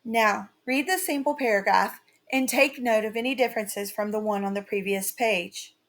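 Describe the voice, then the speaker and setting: A woman teaching a writing lesson in a slow, carefully read-out, scripted delivery. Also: on the high side.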